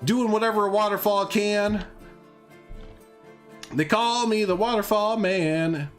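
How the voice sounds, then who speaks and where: A man's voice: high voice, slow, faint music behind, pitched above the performer's own voice. A man voicing a giddy male waterfall giant who sings and whoops as he cheers. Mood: boastful. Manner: sing-song, whooping.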